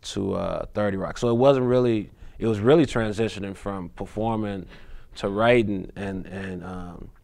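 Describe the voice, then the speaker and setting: A man's voice: on the low side, moderate pace, vocal fry, darkish tone. A man in his thirties, a comedian as a guest in a casual interview, talking in a laid-back, rambling way with restarts.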